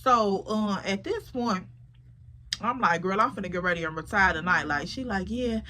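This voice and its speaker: Bright-voiced woman telling a story. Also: medium pitch. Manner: animated, quotes friends in quick voices, slangy. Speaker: storytime vlogger. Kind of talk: casual storytelling to camera.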